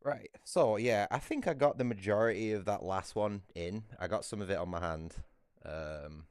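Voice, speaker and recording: A man's voice: lowish voice, normal speed, darkish tone, clean tone, no echo, clean studio sound. A British man chatting casually on a livestream, rambling and swearing freely.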